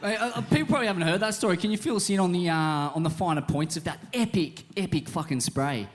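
A man's voice: sits high, animated, quick pace. An Australian man co-hosting a podcast, rowdy and heckling, swearing a lot. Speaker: podcast co-host. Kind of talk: casual podcast chat.

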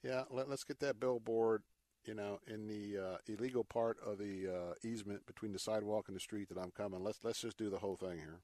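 With a lowish, warm, steady voice and a brisk pace, a male radio talk show host gives indignant, emphatic opinions, repeating words for effect and tossing in sarcastic, folksy asides. Recorded in studio quality without room sound.

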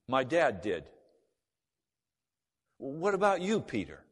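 A man of middle pitch tells a personal testimony, voicing both sides of old conversations. His voice carries a long reverb, as if recorded in a large hall. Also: wildly swooping pitch, takes it slowly, long pauses, breathy edge. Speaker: speaker giving a personal testimony. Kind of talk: spoken testimony storytelling.

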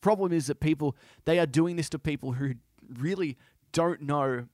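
A man hosting a podcast, speaking in an impassioned, halting way with many restarts. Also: on the high side, a little mellow, no room sound, studio quality. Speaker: podcast host. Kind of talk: casual monologue.

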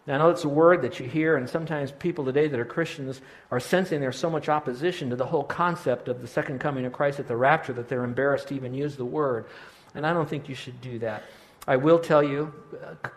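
Middle-aged pastor guy preaching, earnest, kinda high voice, keeps restarting sentences. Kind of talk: sermon.

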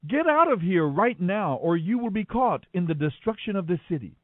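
A man's voice: high voice, sing-song, normal speed, no echo, narrow, tinny audio. A man reading scripture, voicing stern male angels who give urgent commands.

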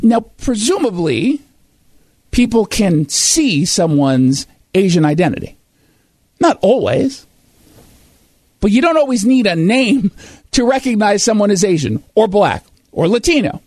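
A man's voice: high voice, sing-song, unhurried, darkish tone, no room sound. A man hosting a talk show, reading quotes and reacting with sarcastic, emphatic commentary.

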